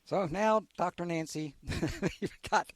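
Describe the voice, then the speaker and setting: A man's voice: high-pitched, slow pace, crowd noise. A man hosting a radio interview, playful and teasing in casual chat. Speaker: radio host.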